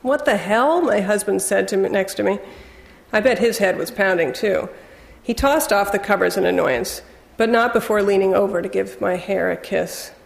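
A woman narrating a first-person novel in a wry, measured storytelling manner. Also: medium pitch, creaky, big-room sound. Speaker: audiobook narrator.

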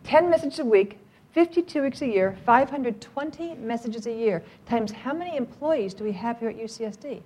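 A woman's voice: fairly high pitch, expressive, normal speed, darkish tone, husky. Upbeat, joking woman giving a talk. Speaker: workplace trainer on cancer outreach. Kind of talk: speaking to a live audience.

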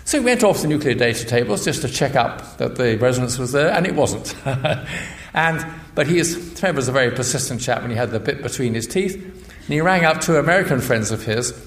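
An older man, a physicist and priest, giving a measured public lecture that explains things step by step. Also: mid-range voice, animated. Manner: measured, explanatory, with frequent restarts. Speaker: guest speaker, physicist and priest. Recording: echoey lecture hall.

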